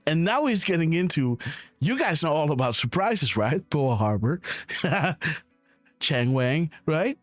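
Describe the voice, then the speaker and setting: A man hosting a live stream, reacting to a press clip with excited, mocking commentary and frequent laughter. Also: a little high, measured pace, dry recording, faint music behind. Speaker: host reacting to a news clip.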